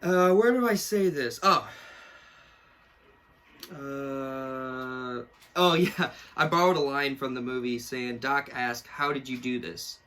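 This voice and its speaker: A man's voice: medium pitch, animated, takes it slowly, fairly bright tone, a little hiss or hum. A young man in casual, rambling commentary, mocking himself and laughing often as he reviews something he wrote as a kid. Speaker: YouTuber reviewing his own childhood book.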